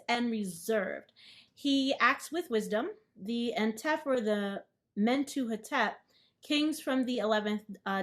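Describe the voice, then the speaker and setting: A woman hosting a study session, reading passages from a book aloud and chatting casually with her live audience between passages. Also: fairly high pitch. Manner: casual and chatty, with frequent fillers and asides. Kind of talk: reading aloud and commenting, answering chat live.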